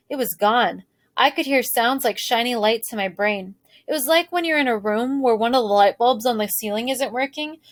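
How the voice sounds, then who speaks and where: A woman teacher reading a novel aloud to a class in a clear, steady storytelling voice. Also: a little high, no room sound.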